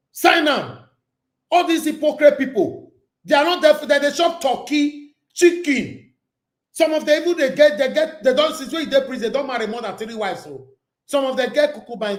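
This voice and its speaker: A man with a Nigerian accent hosting a live-stream call-in show, ranting heatedly and mixing Pidgin with English. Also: very high voice. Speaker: talk show host. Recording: roomy echo.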